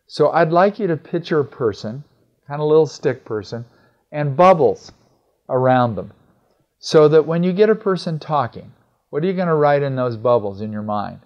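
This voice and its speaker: Speaking at a normal speed in a fairly high, expressive, slightly mellow voice, this middle-aged man teaches communication skills in a chatty way. He often performs quoted lines of dialogue, and the audio sounds somewhat dull and lo-fi.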